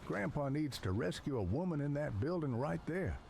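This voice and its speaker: A man's voice: on the high side, very animated, moderate pace, creaky, warm tone, slight background noise. A man voicing a crude, reckless old grandpa in a game, brash and bossy, swearing as he gives orders. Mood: gruff bossy.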